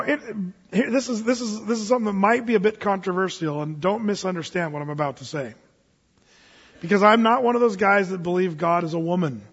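Husky high-voiced preacher in a hall. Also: male voice, fairly bright tone, highs cut off. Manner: conversational, folksy preaching with chuckles. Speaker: pastor. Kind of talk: sermon.

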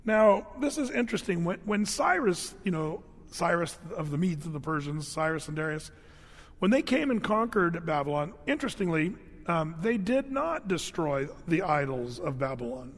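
A man's voice: on the high side, sing-song, normal speed, big-room sound. A man preaching a sermon as a pastor, telling stories in a casual, joking, conversational way full of "um" and "you know". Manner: casual, conversational, humorous storytelling; frequent fillers and restarts.

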